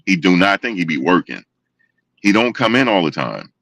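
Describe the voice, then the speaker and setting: Host type: low-voiced man, chatty and repetitive, dry close sound. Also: moderate pace, vocal fry, no echo, far from the mic. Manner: animated, repetitive storytelling with quoted voices. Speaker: show host. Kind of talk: casual commentary to viewers.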